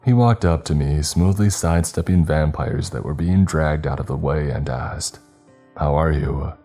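A man narrating a horror story in a slow, grave, measured way. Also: rumbling low, warm tone, faint music behind.

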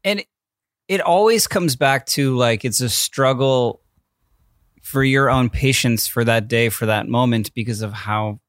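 A tired man, a father, talking casually about parenting in a halting way that trails off quietly. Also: medium pitch, no room sound, clean studio sound. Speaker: father in a podcast chat. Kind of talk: casual chat.

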